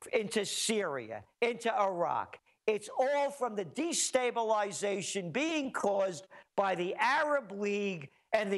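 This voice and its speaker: A man's voice: sits high, a bit bright. A man speaking as a guest, giving heated, emphatic political commentary full of rhetorical questions.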